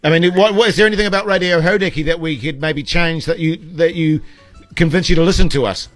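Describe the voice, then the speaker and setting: Chatty New radio host, higher voice. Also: male voice, steady tone, fast talker, no room sound, soft background music. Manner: chatty, fumbling. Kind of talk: comic radio show banter.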